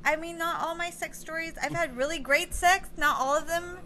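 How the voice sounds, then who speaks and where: A woman's voice: extremely high pitch, steady tone, moderate pace, pushed and bright, slight background noise. A woman guest telling bawdy stories in casual chat, giggly and swearing often. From California.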